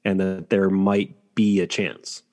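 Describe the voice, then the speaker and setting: Man, podcast co-host, very deep voice, measured book talk. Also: little pitch movement, a little mellow. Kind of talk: casual book discussion.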